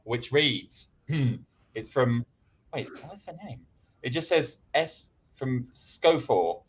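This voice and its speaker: A man's voice: fairly high pitch, fairly bright tone, lo-fi sound. A man hosting an online improv comedy livestream, chatting casually and reading out viewer donations.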